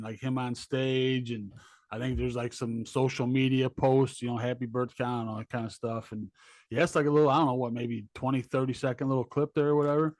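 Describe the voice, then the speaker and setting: A man's voice: mid-range voice, no echo, clean studio sound. Laid-back male podcast co-host. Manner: laid-back, rambling, says dude. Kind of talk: casual chat.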